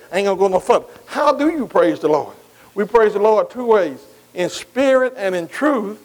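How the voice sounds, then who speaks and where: High-voiced preacher man in a reverberant hall. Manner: call-and-response questioning, repeating words; informal vernacular grammar. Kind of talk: sermon.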